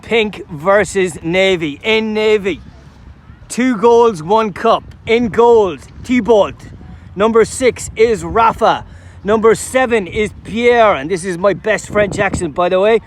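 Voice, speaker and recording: A man giving jokey, excitable live commentary on a youth football match outdoors. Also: high voice, takes it slowly. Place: outdoors at a sports field.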